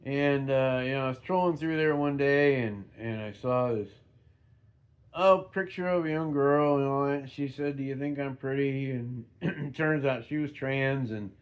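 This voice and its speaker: A man's voice: mid-range voice, measured pace. A middle-aged man giving an unscripted, rambling vlog monologue, swearing freely and restarting his sentences often. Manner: rambling, profane, with frequent restarts. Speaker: vlogger.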